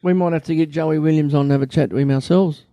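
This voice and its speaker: A man's voice: fairly high pitch, fairly even intonation, fast talker, vocal fry, warm tone, highs cut off. An Australian man hosting a podcast, asking his guest laid-back questions in casual chat. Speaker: podcast host.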